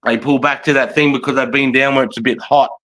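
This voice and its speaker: A man's voice: medium pitch, steady tone, fast talker, a bit bright, poor audio. A man with an Australian accent hosting a live stream, talking bluntly and rambling with lots of swearing. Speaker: livestream host, veteran. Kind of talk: casual live commentary.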